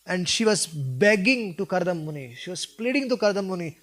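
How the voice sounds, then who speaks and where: A man's voice: sits high, sing-song, fairly quick, few pauses, fairly bright tone. A man giving a devotional talk, retelling a scripture story and voicing its characters with feeling. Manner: asks listeners questions. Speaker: preacher.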